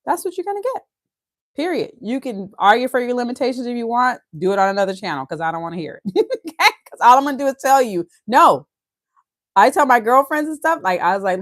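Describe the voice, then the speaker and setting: Fast, excited woman from Louisiana. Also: on the high side, no room sound, clean studio sound. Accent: Louisiana Southern. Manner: fast, excited, emphatic, laughs often. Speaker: host reading and discussing a book. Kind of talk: casual teaching, reading aloud with commentary.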